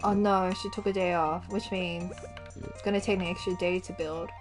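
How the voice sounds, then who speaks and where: A woman's voice: on the low side, moderate pace, music in the background. A young woman, chatting casually and giggling as she livestreams a game. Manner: chatty, giggly, animated storytelling. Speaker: gaming livestreamer. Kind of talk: casual chat while gaming.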